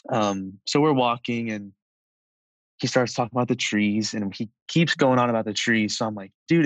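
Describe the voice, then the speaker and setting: A man in his twenties telling a personal story in a casual, conversational way, with lots of "like" and soft laughs. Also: mid-range voice, no room sound, poor audio. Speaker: storyteller recounting a personal experience.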